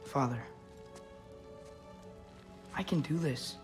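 An actor playing an earnest, gentle, determined teenage boy in a video game. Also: medium pitch, extremely slow, over music.

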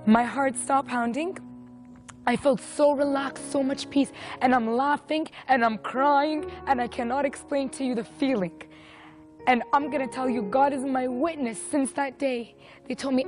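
A woman's voice: sits high, fairly even intonation, moderate pace, soft background music. A woman in her twenties giving an earnest, emotional personal faith testimony. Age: 20s. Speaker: testimony speaker.

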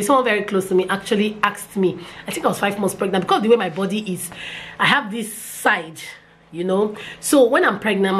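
A young woman with a Nigerian accent telling a personal story in a casual vlog, animated and repeating phrases. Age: young adult. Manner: animated, repeats phrases, pitch jumps when excited. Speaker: vlogger.

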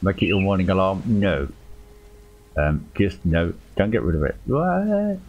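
A man's voice: deep voice, normal speed, darkish tone, highs cut off. Exasperated man streaming a game. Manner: exasperated, swearing, joking commentary. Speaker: gaming streamer. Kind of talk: live-streamed gameplay chat.

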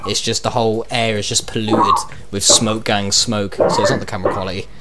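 A young Irish man hosting a comedic reaction video, animated and exclaiming, often breaking into laughter. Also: fairly low pitch, brisk, heavy background noise. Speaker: YouTube host.

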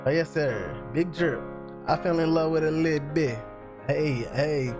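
A man's voice: a little high, a little slow. A man, a gaming YouTuber, gives hyped, chatty live gameplay commentary and talks straight to his viewers. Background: music.

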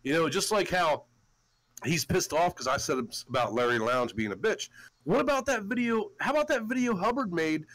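A man's voice: high-pitched, lively intonation, normal speed, a bit bright, no room sound, low-quality recording. A man hosting a podcast, ranting in a heated, profane, storytelling way. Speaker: show host. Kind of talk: casual podcast rant.

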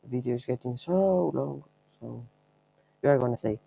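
A man's voice: mid-range voice, normal speed, creaky, mellow, no room sound, poor audio. A young man giving offhand, rambling commentary over his own gameplay, showing a trick step by step. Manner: offhand, rambling, chuckles at himself. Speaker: gameplay video maker.

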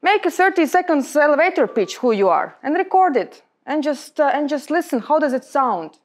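A young adult woman with a Latvian accent, giving a lecture on public speaking to a room of colleagues in emphatic, halting non-native English. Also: high-pitched, big pitch swings. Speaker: guest speaker.

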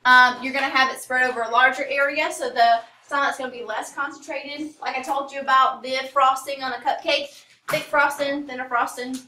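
A woman's voice: sits high, steady tone, fairly quick, sharp tone, slight background noise. A woman teacher giving a casual classroom lecture, full of fillers and asides. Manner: casual, rambling, many fillers. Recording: echoey classroom from a distance.

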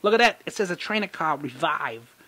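A man hosting a casual card-pack opening commentary. He rambles excitedly, squeals with delight and mocks himself in quick asides. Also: fairly high pitch, dry recording. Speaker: channel host. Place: indoor room under an overhead light.

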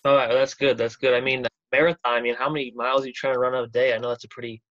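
A young man hosts over a video call, his questions coming quickly and often restarting midway. His audio is dry and a little dull, with no room behind it. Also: mid-range voice, flat delivery, fairly bright tone, dry recording. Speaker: student sports show host.

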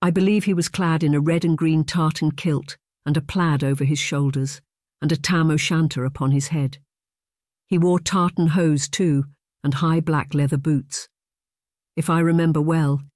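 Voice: medium pitch, no echo, studio quality, natural voice. A narrator doing a polite young lady. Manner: gentle, formal, old-fashioned.

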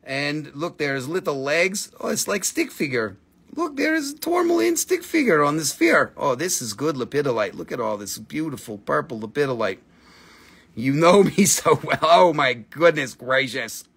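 A man's voice: on the high side, lively intonation, normal speed, gravelly, fairly bright tone, slightly rough. Joking, crude-talking man selling crystals live. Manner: joking, crude, swearing, auction-style price calls. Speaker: host of a live crystal sales stream. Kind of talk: casual live-stream selling chat.

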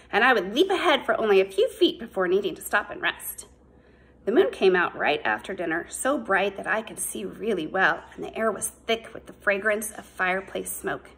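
A woman narrating a novel as an audiobook in a measured, unhurried way. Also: medium pitch, a bit bright, poor audio.

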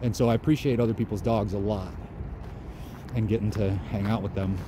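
A man's voice: lowish voice, fairly even intonation, a little fast, noisy background. A man vlogging outdoors in a park, musing in a loose, conversational way. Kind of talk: casual outdoor monologue.

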